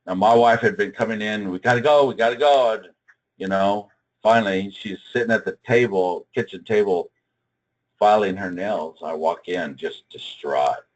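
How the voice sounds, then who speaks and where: A man's voice: unhurried, rough recording. Older man telling a dramatic story. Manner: dramatic storyteller, big swings in pitch and loudness. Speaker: trading seminar speaker. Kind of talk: live seminar storytelling.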